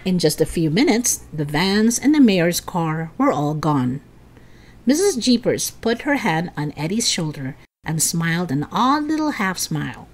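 A woman reading a children's chapter book aloud, raising her voice high and excited for the children's lines. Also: unhurried.

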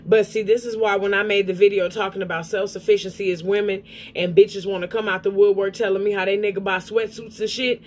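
A woman giving blunt, profane reaction commentary on a clip, with a mellow tone. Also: medium pitch.

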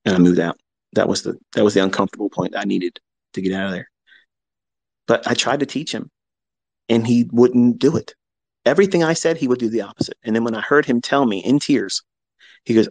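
A man in his fifties talks bluntly and swears freely as he hosts a live audio chat. He tells a story by acting out both sides of past conversations. His voice sits at an ordinary pitch and sounds dry and close. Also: brisk, creaky, long pauses, a little mellow, no echo, rough recording. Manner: blunt and profane, acts out both sides of remembered arguments. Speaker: host.

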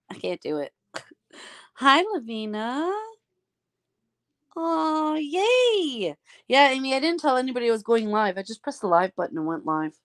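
A woman's voice: high voice, big pitch swings, measured pace, pauses often, fairly bright tone. A woman hosting a casual live stream, chatting affectionately with friends and laughing often.

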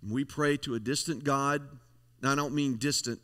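A man's voice: mid-range voice, steady tone, moderate pace, a bit bright. A male pastor preaching a folksy, emphatic sermon, leaning on repeated phrases. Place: church sanctuary. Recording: long church hall reverb.

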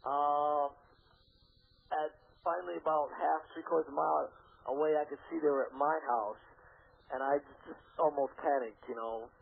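A man's voice: on the high side, moderate pace, vocal fry, a little hiss or hum. A man, a radio interview guest, telling a story and acting out what people said, over a phone line. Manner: animated storyteller acting out quoted dialogue.

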